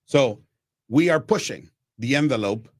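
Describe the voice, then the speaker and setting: A man from Mexico, a baseball broadcaster telling stories as a radio guest, animated and acting out quotes. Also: medium pitch, unhurried, slightly rough, no echo, studio quality. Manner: animated, acts out quotes, frequent restarts. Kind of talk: radio interview storytelling.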